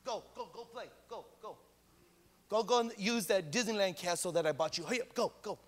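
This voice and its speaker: A man voicing a busy father who brushes his child off in a hurried way, in an echoey hall. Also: high voice, natural voice. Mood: dismissive.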